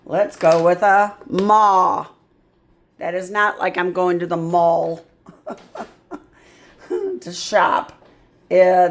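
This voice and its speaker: This is a woman giving a one-on-one phonics lesson to a young learner. Her voice sits a little low, and she moves slowly and patiently, stretching sounds and blending letters aloud. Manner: slow, patient, sounding out words. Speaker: reading tutor.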